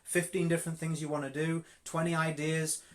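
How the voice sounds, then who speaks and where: A man's voice: a little high, level tone, brisk. A man with a Yorkshire accent giving a live-streamed network marketing coaching talk, direct and emphatic, often repeating words for stress. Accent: Yorkshire English.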